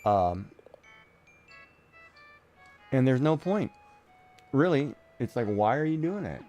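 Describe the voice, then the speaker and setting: A man's voice: medium pitch, very animated, slow pace, dark tone, soft background music. A middle-aged man streaming a game, chatting casually in a rambling way with many restarts and fillers. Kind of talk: casual chat while gaming.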